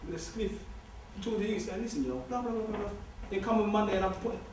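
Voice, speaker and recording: A man's voice: high voice, rapid-fire, a little mellow, slight background noise. A man giving an informal, joking talk to a student society, repeating his points for emphasis. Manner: streetwise, joking, emphatic repetition. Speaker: guest speaker. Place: large lecture hall. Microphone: far room recording. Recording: distant echoey hall recording.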